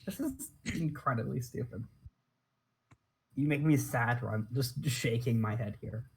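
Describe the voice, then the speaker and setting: A woman's voice: a bass voice, unhurried, vocal fry, darkish tone, slight background noise, heavily acted, low-quality recording. A woman voicing a grumpy, scornful male troll teen, in a mocking, exasperated way while reading a comic aloud with friends.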